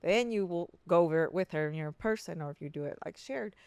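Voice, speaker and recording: A woman co-hosting a podcast, telling a personal story in a rambling, animated way with many restarts and fillers. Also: quick pace, smooth, no echo. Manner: jumps much higher when quoting her therapist, laughing and near tears. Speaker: podcast co-host. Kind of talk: casual chat.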